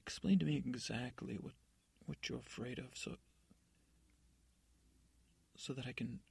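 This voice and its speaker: A man voicing a calm middle-aged stepmother who soothes in a hushed way. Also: medium pitch, measured pace, gravelly, slightly rough, exaggerated voice. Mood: soothing.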